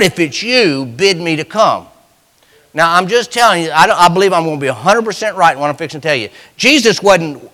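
A man preaching a sermon, swinging between loud, fervent lines and hushed, drawn-out ones, with folksy Southern phrasing. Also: on the high side.

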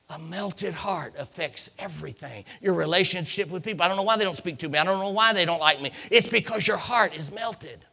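A man preaching a sermon, reading scripture aloud and building up to shouted lines. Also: sits high, lively intonation, brisk, creaky, hardly any pauses.

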